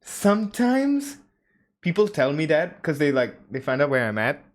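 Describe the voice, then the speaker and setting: A man who speaks English as a second language, hosting a relaxed, slangy chat. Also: on the high side, normal speed. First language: not English. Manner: laid-back, slangy, says yo and damn. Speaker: host. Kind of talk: casual chat.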